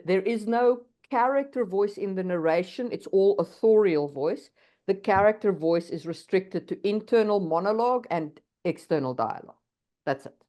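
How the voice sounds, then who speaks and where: Lower-voiced woman explaining writing craft. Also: dark tone. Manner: thoughtful, explanatory, checks in with "right?". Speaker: podcast co-host. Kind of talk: casual discussion on writing craft.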